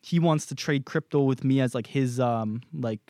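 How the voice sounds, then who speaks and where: A young Canadian man co-hosts a podcast in a mid-range voice at a moderate pace, captured in dry, studio-quality sound. He tells a story loosely and animatedly, swearing and acting out the exchanges others had.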